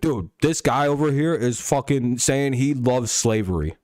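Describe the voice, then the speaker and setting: A man's voice: mid-range voice, lively intonation, unhurried, a little mellow, no echo, clean studio sound. A young man hosting a casual talk stream, arguing heatedly with profanity and lots of repetition and restarts. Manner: argumentative, profane, repeats himself. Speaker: host.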